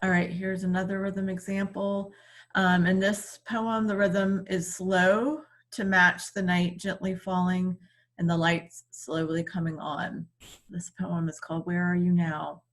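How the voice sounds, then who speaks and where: A woman teacher giving a recorded reading lesson, explaining slowly and patiently with frequent ums. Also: on the low side, flat delivery, a bit bright.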